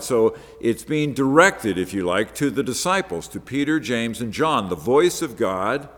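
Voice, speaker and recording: A man's voice: mid-range voice, lively intonation, a little slow, long reverb tail. A man preaching a Bible-teaching sermon, explaining the passage step by step in a conversational way.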